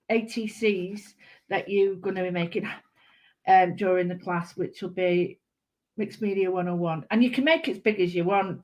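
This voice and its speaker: A woman with a Manchester accent hosting a live craft stream, chatting warmly to viewers and greeting them by name. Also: medium pitch. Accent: Mancunian. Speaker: craft channel host.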